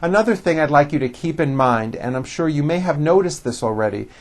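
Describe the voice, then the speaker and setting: A man with an American accent teaching English pronunciation, speaking slowly and deliberately with very clear enunciation in a scripted talk to camera. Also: fairly high pitch, animated.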